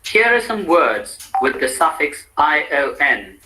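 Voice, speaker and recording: A man reading out the instructions for a pronunciation drill in a measured, explanatory way. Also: on the high side, sing-song, pushed and bright, rough recording. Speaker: language lab instructor. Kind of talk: scripted pronunciation lesson.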